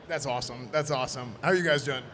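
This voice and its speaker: A man presenting in costume at a live event, joking and rambling loudly. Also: mid-range voice, quick pace. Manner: playful, rambling, loud. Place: convention event floor. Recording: noisy convention floor.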